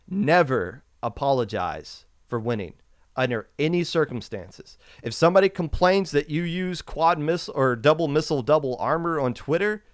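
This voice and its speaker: A man's voice: fairly high pitch, no echo, clean studio sound. Impassioned man ranting on a podcast. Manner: emphatic, repetitive, impassioned. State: losing his voice. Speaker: podcast host. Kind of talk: opinionated esports podcast rant.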